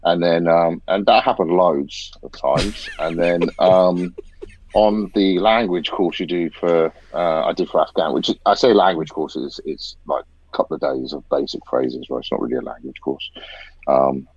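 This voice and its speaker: Man, very low voice, sweary anecdote teller, slightly dull recording. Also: normal speed, a little mellow, breathy edge. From Britain. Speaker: podcast host, ex-soldier event organiser. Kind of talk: casual chat, anecdote.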